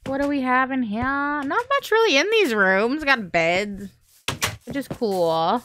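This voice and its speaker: A woman hosting a gaming channel, chatting casually and excitably through gameplay, often squealing and laughing. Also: sits high, unhurried, noisy background.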